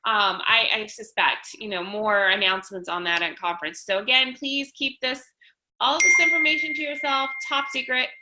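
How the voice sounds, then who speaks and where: Bright, high-voiced enthusiastic woman. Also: steady tone, normal speed, slight background noise, low-quality recording. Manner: enthusiastic, full of filler ums and restarts. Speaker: direct sales team leader. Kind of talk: casual livestream team update.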